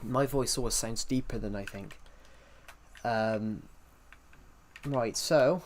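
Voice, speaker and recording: A man's voice: medium pitch, takes it slowly, darkish tone, a little hiss or hum. A young man chatting casually on a gaming livestream, rambling and correcting himself while answering chat.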